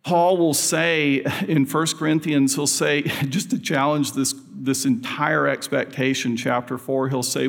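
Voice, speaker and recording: A man's voice: medium pitch, fairly even intonation, a little slow, creaky, few pauses. A middle-aged man preaching a sermon in a conversational way, with chuckling asides. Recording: long hall reverb.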